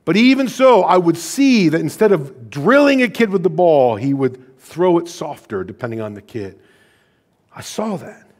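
A man's voice: on the high side, sing-song, normal speed, hardly any pauses. A man in his thirties preaching a sermon, telling earnest personal stories with feeling. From United States. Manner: earnest storytelling, emotional personal anecdotes. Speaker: pastor.

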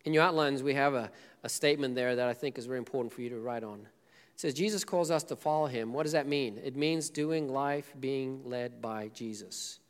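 Joking pastor in an echoey hall. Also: male voice, medium pitch, moderate pace. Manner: casual, joking storytelling with acted quotes. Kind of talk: sermon.

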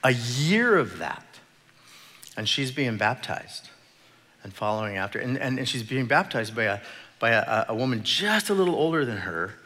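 A middle-aged man preaching a sermon in church, telling a story with halting, repeated words. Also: mid-range voice, sing-song, pushed and bright. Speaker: pastor. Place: church sanctuary. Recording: echoey church hall.

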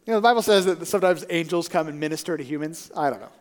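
A man preaching a sermon as a story, conversational and animated, often asking "right?". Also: a little high, rapid-fire. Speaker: pastor. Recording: reverberant hall.

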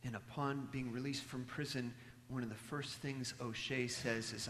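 A man delivers a sermon as a storyteller, his voice at an ordinary middle pitch. He pushes some lines out loudly and lets others fall to a near-whisper. A long reverb hangs on his words, as if from a large church. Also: fairly even intonation, moderate pace, hardly any pauses, slight background noise. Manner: storytelling, swings from loud emphasis to hushed near-whispers. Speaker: preacher.

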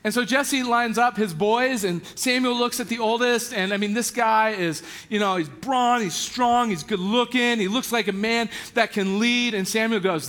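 A man's voice: very high voice, normal speed, few pauses, a bit bright. A man preaching a sermon, retelling scripture in a casual storytelling way and acting out the characters in everyday slang. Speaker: pastor.

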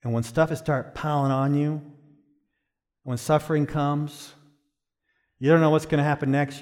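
A middle-aged pastor preaching a sermon, swinging from hushed, slow phrases to loud, high-pitched exhortation. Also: male voice, level tone, long reverb tail.

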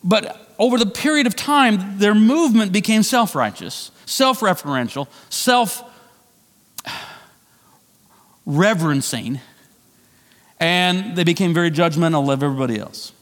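A middle-aged man preaching a sermon as pastor, conversational and animated, with self-deprecating asides. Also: sits high, unhurried, long pauses, in a large hall. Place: church sanctuary.

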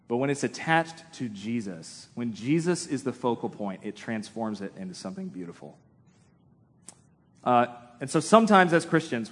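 A man preaching a sermon in a relaxed, conversational way, with self-deprecating humor. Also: mid-range voice. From United States. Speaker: pastor. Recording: long hall reverb.

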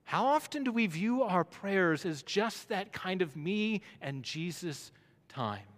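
A man preaching a sermon as pastor, building to loud emphatic runs. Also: sits high, sing-song, slow. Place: church sanctuary. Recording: long hall reverb.

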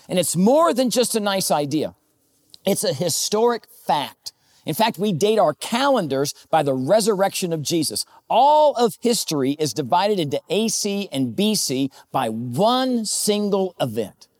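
A man's voice: sits high, sing-song, moderate pace, darkish tone. Man preaching a conversational sermon. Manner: conversational preaching with jokes and a personal story. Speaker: pastor.

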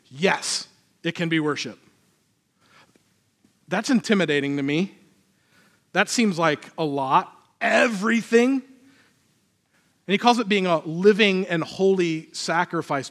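A man's voice: high-pitched, a bit bright. A man, a pastor, preaching a sermon in a conversational, self-deprecating way.

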